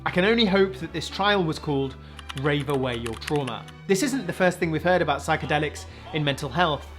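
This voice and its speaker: A man's voice: fairly high pitch, quick pace, fairly bright tone, faint music behind. A man in his twenties, a junior doctor and comedian, hosting a comic science news roundup with sarcastic asides. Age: 20s.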